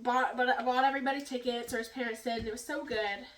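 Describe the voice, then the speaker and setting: A woman's voice: fairly high pitch, steady tone, fast, a bit bright, echoey room, recorded from a distance, a little hiss or hum. A young woman vlogger telling a rambling story in a casual, giggly way while cooking in her home kitchen.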